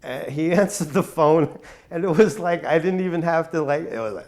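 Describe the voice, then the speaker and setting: A man's voice: a little high, fairly quick, darkish tone. Man telling an old story casually. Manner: casual, filler-heavy storytelling. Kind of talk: documentary interview, reminiscing.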